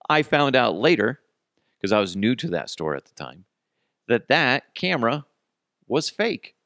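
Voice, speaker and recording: A man hosting a podcast, telling customer service stories in a casual, animated way, swearing and laughing as he goes. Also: mid-range voice, unhurried, dry recording, studio quality. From Colorado, United States. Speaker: podcast host. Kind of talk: casual storytelling.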